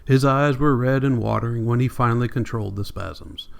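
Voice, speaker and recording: A man's voice: mid-range voice, fairly quick, vocal fry. Man narrating a classic novel. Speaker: audiobook narrator. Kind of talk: scripted narration.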